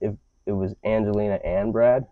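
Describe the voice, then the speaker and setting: A podcast host rants in a casual, profane, rambling way, his lowish voice steady and moderately paced. A crowd can be heard in the background, and the lo-fi audio sounds slightly dull.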